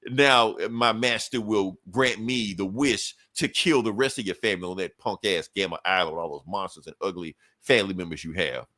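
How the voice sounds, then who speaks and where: A man doing a slow, gruff kung fu brute. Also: low voice, pushed and bright, no room sound, pitched below the performer's own voice. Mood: menacing. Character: menacing male kung fu brute.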